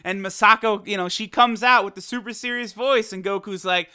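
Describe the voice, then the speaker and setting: A man giving an excited, casual, profane review of an anime episode, retelling scenes as a fan. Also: high-pitched, a little fast, clear, resonant tone.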